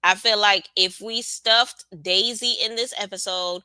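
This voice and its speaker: A woman's voice: mid-range voice, fairly even intonation, measured pace, sharp tone, clean tone, no echo. Sassy woman hosting a live reaction stream. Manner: chatty, sassy, talks back to her live chat. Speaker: live-stream show host. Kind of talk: casual reality-TV reaction chat.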